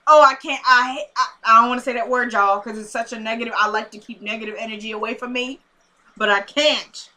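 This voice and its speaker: Young woman vlogger, fairly high and forceful, chatty recap straight to viewers. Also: fairly quick. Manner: chatty, addresses viewers directly, animated. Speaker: TV episode reviewer. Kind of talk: casual recap to camera.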